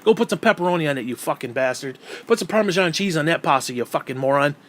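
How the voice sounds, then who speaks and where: A man's voice: fairly high pitch, animated, fast talker, fairly bright tone. Furious, profane man ranting. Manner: hostile, heavily profane. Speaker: vlogger. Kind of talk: angry personal rant.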